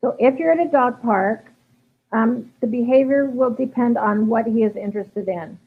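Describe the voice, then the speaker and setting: A woman's voice: on the high side, moderate pace, husky. Chatty woman dog trainer, tinny sound. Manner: chatty, many ums and restarts. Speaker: dog trainer answering viewer questions. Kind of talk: live Q&A, casual explanation. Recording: tinny phone-like livestream audio.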